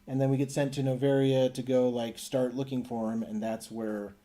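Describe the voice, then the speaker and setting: A man's voice: mid-range voice, normal speed. A man hosting a casual podcast, recapping a video game and acting out the characters' lines. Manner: animated storytelling, acts out quotes. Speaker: podcast host.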